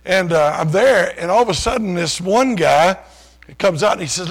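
With a high, expressive voice that's gravelly and husky, an older preacher shares his personal testimony at a moderate pace. He talks like he's chatting with friends, homespun and quick to poke fun at himself.

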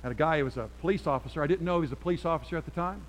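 A man preaching a sermon to a church congregation, switching between forceful appeals and quiet storytelling. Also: fairly high pitch, racing, slight background noise, low-quality recording. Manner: emphatic, swings from loud exhortation to quiet storytelling. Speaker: pastor.

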